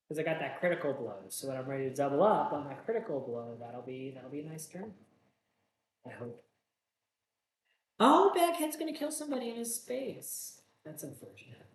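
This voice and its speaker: A man's voice: fairly high pitch, darkish tone. A man casually playing a solo tabletop game, reading gruesome card stories aloud and joking at his own bad luck, in a roomy, echoey room. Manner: self-mocking, groans about bad dice rolls. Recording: roomy echo.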